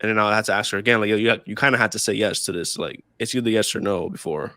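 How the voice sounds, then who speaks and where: A man's voice: fairly low pitch, fast talker, sharp tone, dry recording, studio quality. A young man casually telling a story on a podcast, laughing often, swearing freely and repeating himself. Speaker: podcast co-host.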